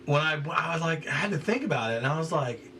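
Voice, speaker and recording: A man with a lively, swooping voice chats fast and casually, piling up fillers as he talks about the game. He sounds distant from the microphone. Clear noise runs behind him. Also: fairly high pitch. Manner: animated, chatty, lots of fillers. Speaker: player. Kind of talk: casual chat among tabletop players.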